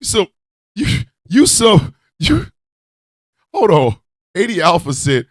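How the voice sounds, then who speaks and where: Guy hosting a radio show, keeps cracking himself up, swears a lot, high voice, very dry sound. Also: wildly swooping pitch, a little slow, long pauses, no room sound. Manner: cackling laughter, profane, rambling. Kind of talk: loose comedic rant with chat.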